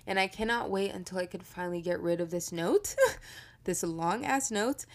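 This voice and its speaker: Young woman podcast host, casual and foul-mouthed, slightly low voice, loose storytelling delivery. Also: expressive, normal speed. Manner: chatty, profane, laughs often.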